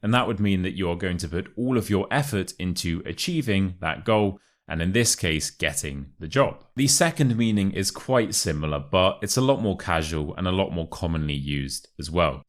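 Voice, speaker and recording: Deep-voiced British teacher, precise RP. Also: male voice. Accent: Modern RP British English. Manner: clear, deliberate teaching with slowed example phrases. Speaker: English teacher. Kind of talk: online English lesson.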